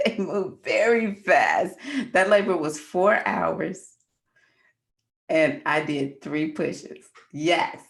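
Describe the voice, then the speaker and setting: A woman's voice: fairly low pitch, extremely slow, creaky, long pauses. A middle-aged woman hosting a casual livestream, chatting with viewers and telling a personal story. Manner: chatty, addresses viewers as y'all. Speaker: astrology livestream host.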